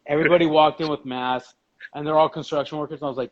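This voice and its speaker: A man's voice: a little high, quick pace. Male host, crude laughing storyteller, raised voice, muffled stream audio. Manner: storytelling, laughs often, profane. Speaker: podcast host. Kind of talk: casual chat.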